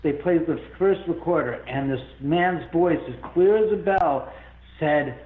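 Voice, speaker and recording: A man telling a long story as an interview guest, rambling and animated, with many restarts. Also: fairly high pitch, measured pace. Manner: rambling, animated, full of restarts and self-quotes. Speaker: guest, haunted-house owner. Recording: phone-like line in an echoey room.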